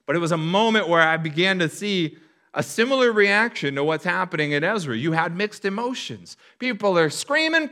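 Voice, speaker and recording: A man preaching a sermon as a pastor, telling stories in an animated way and acting out the voices of a crowd. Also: high voice.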